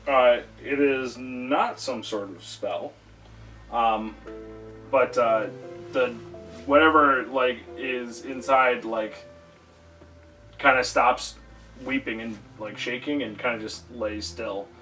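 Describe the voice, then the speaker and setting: Halting man running a tabletop game. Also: mid-range voice, fairly even intonation, pushed and bright. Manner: halting, many fillers. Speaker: game master. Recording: distant mic, faint music.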